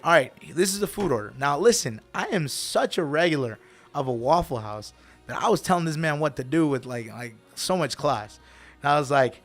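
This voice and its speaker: A man in middle age, slightly higher-pitched than most men, telling a long story on a radio show. He is animated and acts out the people he quotes. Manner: animated, acts out quoted voices, switches between English and Spanish. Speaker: radio host. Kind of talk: casual storytelling.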